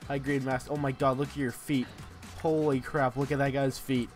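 A young man co-hosting a casual let's-play, excitable and laughing with loud bursts. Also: medium pitch, moderate pace. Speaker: gaming channel co-host. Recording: game music behind.

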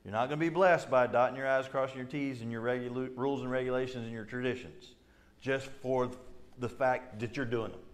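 Man, middle-aged, pastor, animated sermon, church, mid pitch. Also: a little fast. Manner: animated, acts out quotes with laughs and asides. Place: church sanctuary.

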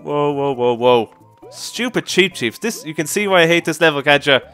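A man giving casual commentary over his own gameplay, excitable, often exclaiming and laughing at his mishaps. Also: a little high, moderate pace, faint music behind. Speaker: let's play commentator.

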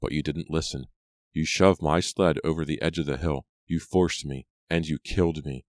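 Taunting vengeful teen girl, read by a man, very deep voice, dry close sound, audiobook. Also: fairly even intonation, moderate pace, darkish tone, no echo. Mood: cold, taunting. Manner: taunting, cold.

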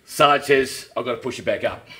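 A man voicing a cheerful, dutiful young male police officer with an Australian accent, in a loud, raised voice. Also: normal speed, natural voice. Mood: chummy. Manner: loud, high, chummy.

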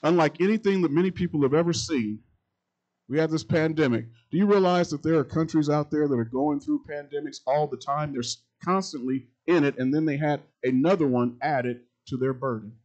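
A middle-aged man, a pastor, preaching a sermon that repeats its phrases and swings between loud and quiet passages. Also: on the high side, fairly quick, highs cut off.

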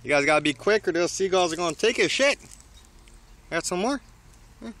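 A man casually filming outdoors, talking excitedly to birds and swearing often. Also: high-pitched, fairly quick. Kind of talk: casual vlog narration.

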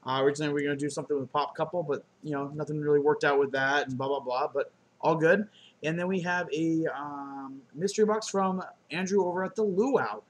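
A man with a fairly high voice chats casually through an unboxing, loose and joking, tossing in profane asides and silly noises. He talks into a laptop camera indoors, and a faint hiss sits under the audio. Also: a little fast. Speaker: unboxing vlogger.

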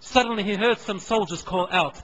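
A male preacher with a high, bright, forceful voice. He tells a dramatic story in a sermon. He shifts his voice for each figure in the tale. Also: a little fast, slight background noise, low-quality recording.

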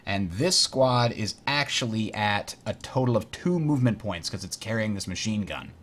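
A man hosting a board game tutorial, explaining rules in a chatty way and muttering while he works the software. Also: on the low side, animated, moderate pace, slight background noise. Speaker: host teaching a board game. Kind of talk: casual tutorial over online play.

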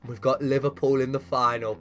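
A man giving lively, chatty commentary over a football video game, cheering and shouting at the big moments. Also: medium pitch, fairly quick. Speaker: gaming commentator.

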